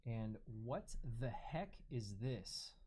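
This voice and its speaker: Female breaker, awed reactions, slow and animated. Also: a bass voice, breathy edge. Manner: awed, exclamatory. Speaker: card breaker. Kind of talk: excited live stream card reveals.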